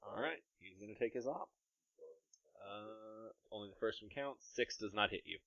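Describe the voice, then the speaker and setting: Low-voiced man running a tabletop game. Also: vocal fry, bright, forceful tone, dry recording. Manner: playful, narrating combat with quick asides. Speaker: game master. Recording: dry, slightly dull podcast mic.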